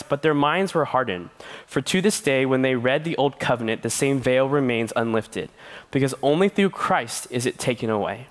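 A man preaching as a youth pastor, telling stories with playful voices and laughter. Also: medium pitch. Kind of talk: sermon.

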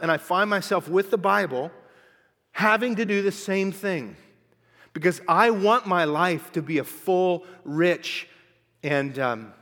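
A man in his forties preaching a sermon, telling stories animatedly and acting out his own quotes. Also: high voice. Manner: animated storytelling with acted-out quotes. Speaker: pastor. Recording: long hall reverb.

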